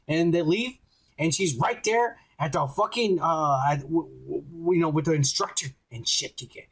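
High-voiced crude podcast man. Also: moderate pace, rough recording. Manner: crude, rambling, swears constantly. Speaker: podcast co-host. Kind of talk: casual profane chat.

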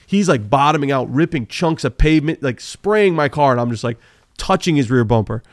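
A man telling animated, profanity-laced car racing stories as a podcast guest, full of fillers. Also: on the high side, a little fast, no echo, studio quality. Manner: animated, swears freely, many fillers. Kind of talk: casual storytelling interview.

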